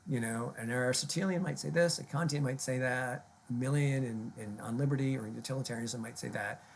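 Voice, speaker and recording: A man's voice: medium pitch, a little fast, vocal fry, a little hiss or hum. A man giving a recorded online lecture in a conversational way, with many ums and rhetorical questions.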